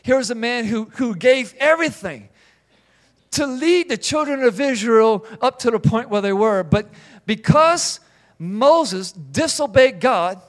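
A middle-aged male pastor preaching a sermon in an animated way. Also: very high voice, measured pace. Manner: animated, acts out biblical figures in quoted voices.

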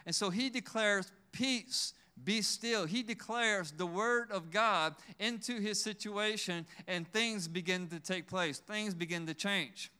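Bright, crisp-voiced preacher man. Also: high-pitched, measured pace, hardly any pauses. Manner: emphatic, rising to loud declarations. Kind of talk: sermon.

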